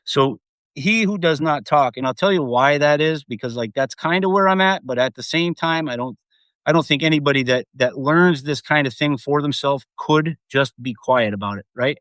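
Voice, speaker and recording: Guy rambling on his live stream, mid pitch, dry close sound, excited and swearing a lot. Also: normal speed, dry recording. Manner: rambling, excitable, swears freely, many fillers. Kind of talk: casual live stream monologue.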